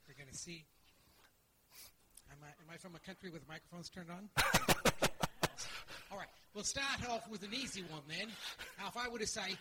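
A man's voice: high-pitched, moderate pace, pauses often, heavy background noise. Playful man joking at a church mic. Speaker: guest performer. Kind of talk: live church demonstration.

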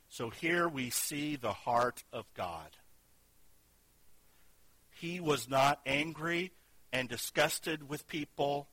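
A man preaching a sermon with a bright, forceful tone and a voice pitched a little high. He is earnest, rising to loud emphasis and then dropping to a hushed, intimate level. The sound is close and dry. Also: animated, slow, pauses often, no room sound, poor audio. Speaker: pastor.

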